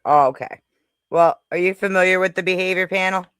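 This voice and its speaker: Streamer chatting with chat between clips, smooth clear voice, dry mic. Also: medium pitch, fairly even intonation, fairly bright tone, no room sound. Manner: chatty, talks to the chat, quick asides. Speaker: streamer host. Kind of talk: casual live stream chat.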